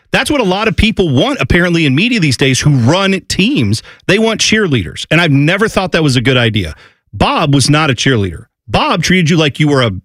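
An opinionated man holds forth on a sports talk show, his pitch leaping around as he gets worked up. His voice sits a touch high, and the recording is close and dry with no room sound. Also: no room sound. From Columbus, Ohio area. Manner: animated, opinionated, mimics announcers in loud bursts. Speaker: podcast co-host.

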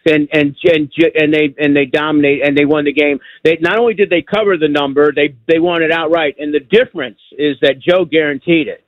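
An older man calling into a sports radio show, repeating himself as he builds his point with emphasis. His voice is somewhat high for a man. The line is muffled and dry. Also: steady tone, brisk, few pauses, dry recording. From New York. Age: 60s. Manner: rambling, repetitive, emphatic. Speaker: caller. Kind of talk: call-in radio chat.

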